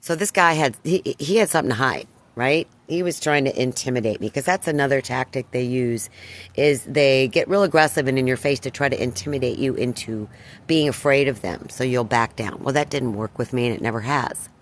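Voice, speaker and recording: A woman's voice: very deep voice, fairly quick. Indignant older woman telling her story. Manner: indignant, emphatic retelling. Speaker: vlogger. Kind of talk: personal storytelling to camera.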